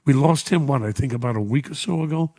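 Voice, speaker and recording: A man's voice: mid-range voice, fast talker, no room sound. Veteran New York radio host, older man, fond and emotional, reads fan notes on a dry studio mic. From United States. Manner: warm, emotional, chuckling often. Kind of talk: radio show reading listener messages. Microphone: studio microphone.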